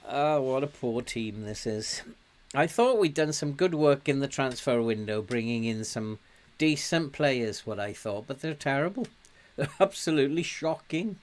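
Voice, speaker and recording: A man's voice: mid-range voice, animated, unhurried. A man doing casual let's-play commentary, grumbling and mocking himself, and scolding the players on screen. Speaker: gaming commentator.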